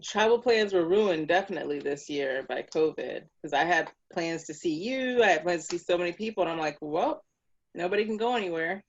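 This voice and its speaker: A woman's voice: lowish voice, fairly quick, few pauses, dull audio. Laughing woman telling stories. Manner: laughing, lively storyteller. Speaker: co-host. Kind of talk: casual chat.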